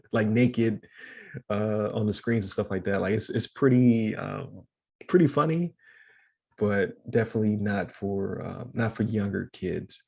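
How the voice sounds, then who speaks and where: Gravelly, husky-voiced man chatting casually. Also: fairly low pitch, slow, mellow. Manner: rambling, laughs often, many fillers. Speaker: podcast co-host. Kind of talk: casual chat.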